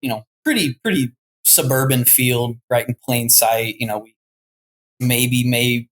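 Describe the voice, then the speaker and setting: A man's voice: mid-range voice, a little slow, fairly bright tone, low-quality recording. A young man, a falconer and podcast guest, telling stories in a loose, laid-back way, full of "like" and "dude". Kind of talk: casual chat.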